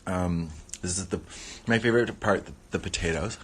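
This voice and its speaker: A man's voice: deep voice, moderate pace, fairly bright tone, a little hiss or hum. A man hosting a casual livestream, chatting playfully while he eats and rambling between muttered catchphrases. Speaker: livestream host.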